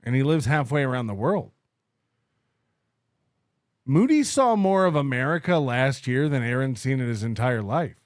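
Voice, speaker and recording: A man's voice: mid-range voice, animated, normal speed, pauses often, dry recording. A man co-hosting a podcast, talking in a sarcastic, mocking way and laughing often. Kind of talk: casual podcast commentary.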